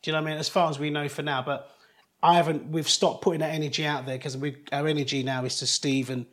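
A middle-aged man, a guest in an interview, telling a personal story in an earnest, halting way with many restarts. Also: a little high, flat delivery, a bit bright.

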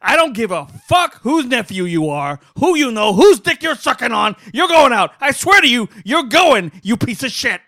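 A man's voice: very high voice, big pitch swings, normal speed, hardly any pauses, no echo, clean studio sound, voice pushed up, full character voice. A man doing an enraged cursing salesman. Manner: yelling, crude threats. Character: furious cursing male top salesman, an impression.

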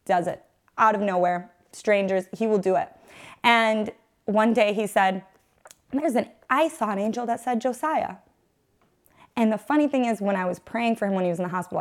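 Earnest woman, 30s, emotional testimony-style storytelling in an interview. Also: mid-range voice. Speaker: guest, mother.

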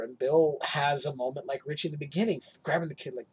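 Very husky man retelling a film. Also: on the high side, quick pace, hardly any pauses. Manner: animated retelling, acts out characters' lines, swears freely. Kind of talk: casual movie recap chat.

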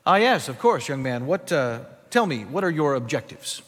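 A man voicing an aged male statesman who speaks slowly and with fatherly patience. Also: mid-range voice, sing-song, long reverb tail, pitched below the performer's own voice.

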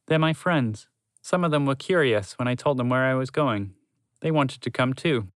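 A man's voice: mid-range voice, normal speed, clean tone, no echo, lightly acted. A man voicing a cheerful, encouraging old grey male horse in a storybook reading. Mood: friendly. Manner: eager, upbeat coaxing.

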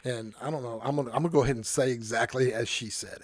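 A man who is a pastor, telling a story in casual podcast talk. He is animated, breaks off mid-sentence and chuckles as he goes. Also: mid-range voice, fast, no room sound, studio quality. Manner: animated, self-interrupting, chuckles through his story.

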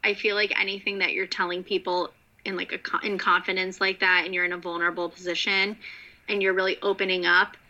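A woman talking casually as a podcast co-host, rambling with plenty of likes and the odd curse. Her tone is very bright. The recording is dull and lo-fi. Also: on the low side, little pitch movement, quick pace. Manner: chatty, swearing, fillers of like. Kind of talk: casual chat.

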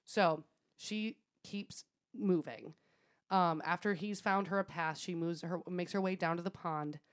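A woman with a somewhat low voice tells a story to a friend in a loose, chatty way. She laughs often and swears freely as she talks. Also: measured pace. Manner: laughing, swearing, animated retelling. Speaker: podcast co-host. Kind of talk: casual storytelling chat.

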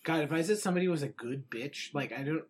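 A man's voice: a little high, fast talker, crowd noise. A man co-hosting a podcast, blunt and teasing, swearing freely in casual chat. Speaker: podcast co-host. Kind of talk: casual banter.

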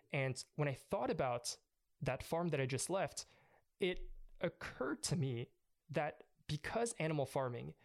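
A young man earnestly recounting an emotional personal story as an interview guest. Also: on the high side. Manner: earnest, emotional, with frequent restarts.

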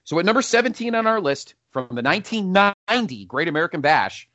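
A man's voice: sits high, a little fast, dry recording, lo-fi sound. A man hosting a casual podcast countdown, rambling and correcting himself as he goes. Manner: rambling, self-correcting, animated. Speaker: podcast host.

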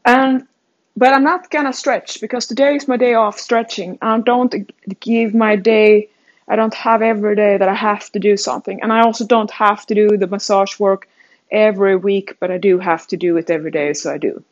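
A woman's voice: medium pitch, steady tone, normal speed. A fitness coach from Sweden talks through her thoughts in a casual, rambling monologue, mocking herself and restarting her sentences often. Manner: rambling and self-mocking, many restarts and laughs. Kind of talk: casual self-reflective monologue. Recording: dull lo-fi sound.

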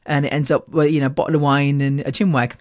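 A woman hosting a podcast, telling rambling personal stories in a chatty, animated way and laughing often. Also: low-pitched, fast, dry recording, clean studio sound. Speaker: podcast host.

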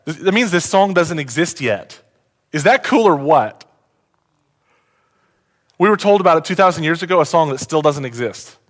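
A man with a slightly high voice preaches as a pastor. He asks his congregation questions, alternating between loud, fired-up points and soft, earnest ones.

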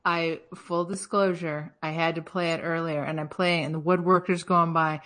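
A woman co-hosting a casual chat, swearing freely and laughing as she tells quick stories. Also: deep voice, level tone, fairly bright tone. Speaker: podcast co-host.

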